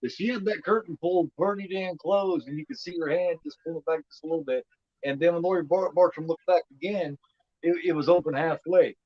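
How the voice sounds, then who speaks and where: A man's voice: fairly high pitch, a little fast, no echo. A man in his fifties hosting a casual movie commentary, rambling and repeating himself with lots of "you know what I mean.". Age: 50s. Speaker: host. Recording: dull lo-fi sound.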